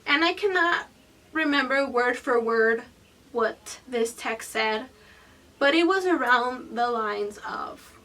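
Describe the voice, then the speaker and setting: High-voiced, foul-mouthed woman storyteller. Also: slow pace, far from the mic. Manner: animated, profane, candid storytelling; swings between loud bursts and hushed whispered asides. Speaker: vlogger. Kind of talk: storytime vlog.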